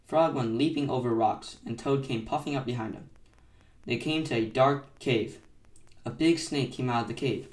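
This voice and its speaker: A man gently reading a children's bedtime story aloud, recorded in an echoey room from a distance. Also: medium pitch, normal speed. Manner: gentle, soft-spoken narration. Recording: echoey room, mic set far off.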